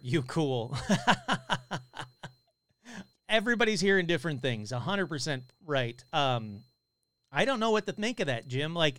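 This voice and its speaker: A man hosting a live paranormal podcast, chatting casually and excitably as he reads out viewer comments, swearing now and then. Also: a little high, clear, resonant tone, dry recording.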